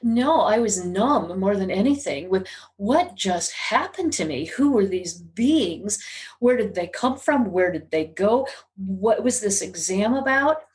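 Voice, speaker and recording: This is a middle-aged woman with a voice of ordinary pitch, talking as a guest on an interview podcast. She tells a personal story in an earnest, confessional manner. Her delivery carries a steady undercurrent of emotion. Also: measured pace. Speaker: guest, psychic medium.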